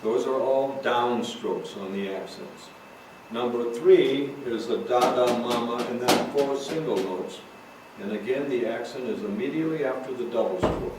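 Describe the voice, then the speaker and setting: A man teaching a drum lesson, calmly explaining rudiments and counting out stickings. He sits well away from the microphone, so his voice rings through a very echoey room. Steady background noise runs under his speech. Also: mid-range voice, normal speed. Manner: calls out stickings while playing. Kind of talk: recorded drum lesson, talking between demonstrations. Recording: roomy echo, far from mic, noisy.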